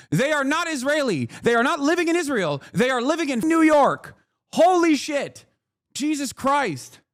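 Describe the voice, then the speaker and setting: A man's voice: very high-pitched, no echo, clean studio sound. A man hosting a reaction stream, ranting with sarcasm and profanity in casual commentary. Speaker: streamer host.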